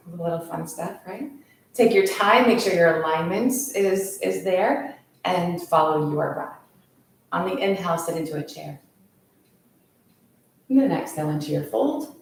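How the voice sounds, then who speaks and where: A woman leading a yoga class, calmly cueing each pose in time with the breath. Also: lowish voice, moderate pace, slight background noise. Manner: calm, steady cueing of poses with the breath. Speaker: yoga instructor. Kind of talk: guided yoga class instruction. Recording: very echoey room, voice from far off.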